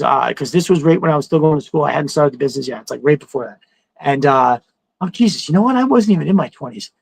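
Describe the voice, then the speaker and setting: A middle-aged man hosts a podcast, spinning a casual story with plenty of swearing and animated, high-pitched quotes. His voice is slightly high with a gravelly fry, and the recording is dry and close. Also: no echo, poor audio. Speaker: podcast host.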